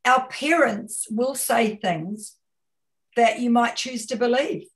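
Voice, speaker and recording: In a slow, slightly high voice, a New Zealand woman presents a webinar as a guest communication consultant. Her delivery is emphatic, returning to repeated phrases and posing rhetorical questions.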